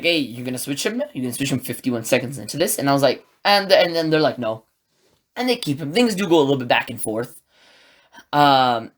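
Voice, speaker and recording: A man hosting a solo sports podcast, recapping a game in an excitable, rambling way and acting out his own reactions. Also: a little high. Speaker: podcast host.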